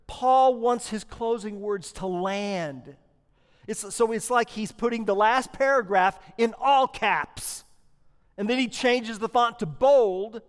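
A man's voice: very high-pitched, fairly bright tone, in a large hall. A man preaching a sermon, emphatic and rhetorical, with punchy repeated lines.

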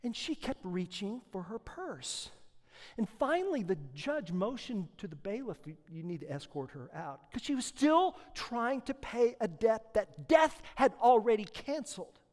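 A man preaching a sermon to his church, dropping to a hushed storyteller's voice and then rising to loud, urgent preaching. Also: extremely high pitch, very animated, measured pace, long reverb tail. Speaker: pastor.

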